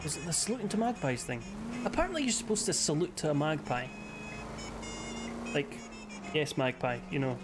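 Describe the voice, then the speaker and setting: A man's voice: fairly high pitch, sing-song, brisk, pauses often, background noise. A man streaming a game live, chatting casually, rambling and swearing between jokes. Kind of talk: casual chat while gaming.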